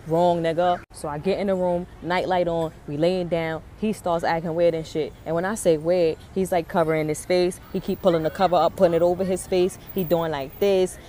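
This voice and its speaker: A mother telling a story in a casual, animated way, full of swearing and drama. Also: on the low side, fairly quick, few pauses, a little hiss or hum.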